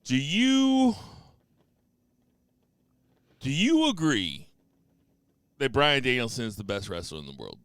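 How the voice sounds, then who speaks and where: A man's voice: mid-range voice, huge pitch swings, slow pace, long pauses, fairly bright tone, clear, resonant tone. A man co-hosting a casual podcast, teasing and quizzing his co-host with profane banter. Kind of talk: casual wrestling podcast chat.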